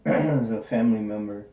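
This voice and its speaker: A man's voice: fairly low pitch, moderate pace. A man hosting a podcast, telling a personal story casually and acting out the quoted dialogue. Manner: animated, acts out quoted dialogue. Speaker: podcast host. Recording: roomy, distant, dull with faint hiss.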